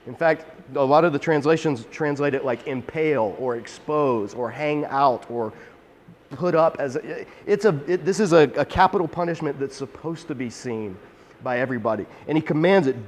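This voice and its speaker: A man teaching through a Bible passage in an energetic, emphatic, conversational way. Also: fairly high pitch, moderate pace. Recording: long hall reverb.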